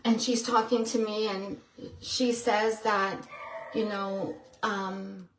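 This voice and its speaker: A woman talking casually to her viewers in a vlog, chatty and excitable, full of "you know" and "like". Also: mid-range voice, slow, roomy sound, poor audio. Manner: excitable storyteller who acts out quotes. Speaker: vlogger.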